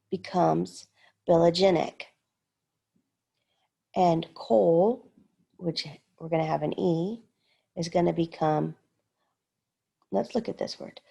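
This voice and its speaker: A woman's voice: lowish voice, vocal fry, warm tone, slightly rough. A woman teaching a recorded lesson, carefully sounding out words syllable by syllable. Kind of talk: slow recorded lesson walkthrough.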